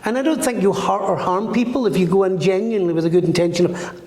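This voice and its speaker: Man telling animated stories in an echoey room. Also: high-pitched, fast. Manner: animated, acts out the voices in his stories. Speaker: psychic medium guest. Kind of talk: storytelling in a podcast interview. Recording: roomy with long reverb.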